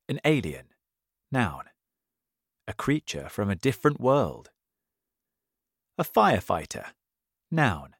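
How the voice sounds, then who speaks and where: A man reading a children's story aloud as a graded-reader narrator, clear and deliberate. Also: medium pitch, dry recording, studio quality. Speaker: audiobook narrator.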